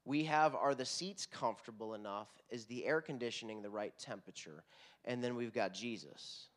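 A man's voice: medium pitch, normal speed. A middle-aged man with a Texan accent, a worship pastor preaching a sermon in a conversational, earnest, storytelling way.

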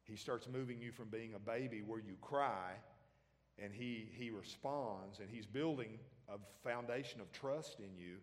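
A man's voice: fairly low pitch, measured pace. Man preaching in a reverberant hall. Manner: conversational preaching with call-and-response questions to the congregation. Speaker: pastor. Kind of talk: sermon.

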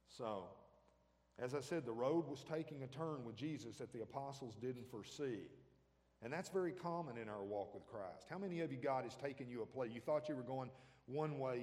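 A man's voice: mid-range voice, a little mellow. Male pastor, sermon, conversational, asks the congregation questions, long hall reverb. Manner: conversational preaching with call-and-response questions to the congregation.

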